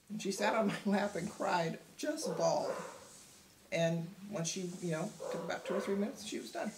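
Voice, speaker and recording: A woman's voice: medium pitch, a little fast, reverberant, background noise. A woman teaching a book discussion in an earnest, direct, encouraging way, laughing often, recorded at home. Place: home room.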